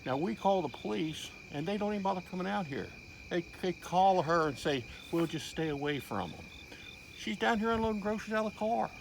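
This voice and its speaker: A man's voice: high-pitched, quick pace, vocal fry. A man with a Kentucky accent, a homeowner and father, angrily and bluntly confronting officers in his yard at night. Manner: angry, blunt, drawling. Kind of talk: heated confrontation. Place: outdoors at night, rural yard. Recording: noisy outdoor phone recording. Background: crickets and insects.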